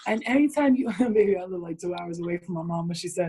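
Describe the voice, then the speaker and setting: A woman's voice: lowish voice, fast talker, dark tone, slight background noise, poor audio. A woman hosting a group video call, giving blunt advice in casual chat, swearing freely and laughing often.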